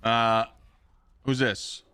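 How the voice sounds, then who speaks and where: A man's voice: medium pitch, level tone, drawn-out words, sharp tone, clean tone, dry recording. A young man live-streaming a game, chatting casually in a rambling, profane way and answering viewers' questions. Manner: profane, rambling, reads chat aloud.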